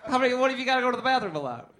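A man's voice: very high voice, sing-song, very fast, sharp tone. A man doing stand-up comedy, rambling, joking and talking with the crowd.

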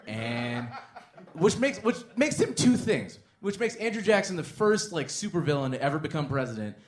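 A man doing a stand-up set, swinging from muttered asides to loud bursts. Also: a little high, big pitch swings, moderate pace, echoey room, faint music behind. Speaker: stand-up comedian.

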